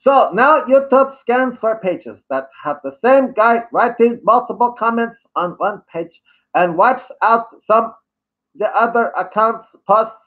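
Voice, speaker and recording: A man's voice: very high voice, expressive, a little slow, voice pushed up. A man voicing a condescending male online commenter in a put-on thick accent, lecturing and sneering. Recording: tinny phone-like audio.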